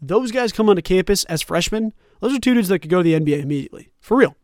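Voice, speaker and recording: A young man hosts a sports talk show, speaking in a high, rapid-fire voice. His commentary is casual, animated and rambling, full of conversational asides. The recording is dry and of studio quality.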